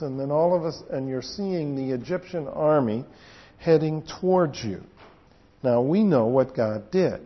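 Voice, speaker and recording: Man, pastor, sermon, unhurried teaching, muffled lo-fi sound. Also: mid-range voice. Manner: unhurried teaching with scripture readings and frequent fillers.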